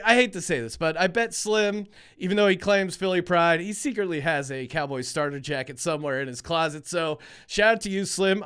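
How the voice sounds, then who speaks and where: Brief: man from Philadelphia, podcast host, high smooth voice, joking casual chat. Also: a bit bright. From Philadelphia, USA. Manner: chatty, joking, full of restarts.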